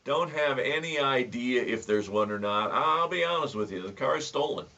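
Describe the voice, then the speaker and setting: A man voicing a smug, lying male driver in a told joke, deadpan and unbothered. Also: medium pitch, normal speed. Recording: distant, dull lo-fi sound.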